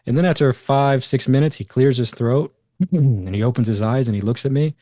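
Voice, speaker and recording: A man's voice: mid-range voice, moderate pace, dry recording. Guy on a podcast spinning a long story, lots of "like", does the voices, pretty dry mic. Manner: animated retelling with quoted voices and many fillers. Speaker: guest. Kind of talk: casual storytelling in conversation.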